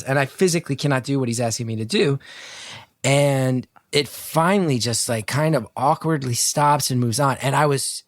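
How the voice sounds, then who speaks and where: Man, podcast co-host, animated storyteller, mid pitch, acts out quotes, dry close sound. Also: fairly quick, dry recording. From North Jersey. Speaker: guest co-host. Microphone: video call.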